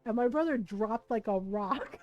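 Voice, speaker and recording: A woman in her forties, a streamer, telling a family story in casual chat, animated and laughing, acting out what her relatives said. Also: on the high side, normal speed, no echo, muffled recording, soft background music.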